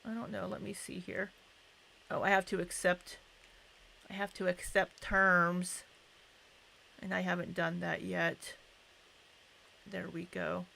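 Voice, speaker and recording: Woman, unhurried, gravelly voice, chatty livestream host. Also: lowish voice, little pitch movement, sharp tone, a little hiss or hum. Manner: chatty, greets viewers by name. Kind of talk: casual livestream chat.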